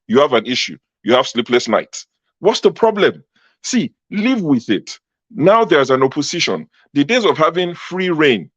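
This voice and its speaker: A man's voice: on the high side, no room sound, lo-fi sound. Combative Nigerian man in heated debate. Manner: combative, mocking, repeats words when cutting in. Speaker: panel debater. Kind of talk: heated political argument.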